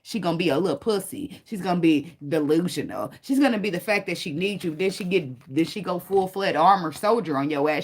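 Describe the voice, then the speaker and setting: Tarot lady just talking to her viewers, swears a ton, keeps laughing, real dramatic and sarcastic. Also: medium pitch. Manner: blunt, profane, laughs often, dramatic and sarcastic. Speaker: tarot reader. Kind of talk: casual tarot reading chat.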